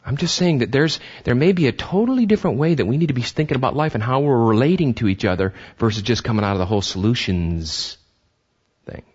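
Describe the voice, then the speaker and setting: A man preaching a sermon as pastor, animated, acting out voices and often restarting his sentences. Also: mid-range voice, fast talker, slightly rough, dull audio.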